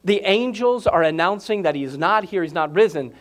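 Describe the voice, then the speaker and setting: A man preaching a sermon to his congregation, moving from calm explanation to loud, excited proclaiming. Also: high-pitched, fairly quick. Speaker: pastor.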